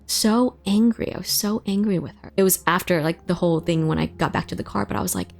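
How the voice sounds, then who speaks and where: A woman with a slightly low voice tells her own story to the camera, casual and raw. She swears freely and leans on "like" as she talks. Soft music plays faintly underneath. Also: fast, creaky. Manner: casual, emotional, full of "like" fillers and swearing. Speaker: vlogger telling a personal story. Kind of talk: candid personal storytelling.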